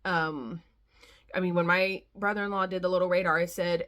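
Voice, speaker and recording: Young female vlogger, candid rambling chat, lower-pitched, a bit worn out. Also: fairly even intonation, a little fast, a bit bright. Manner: rambling, frank, slightly weary. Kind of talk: casual chat.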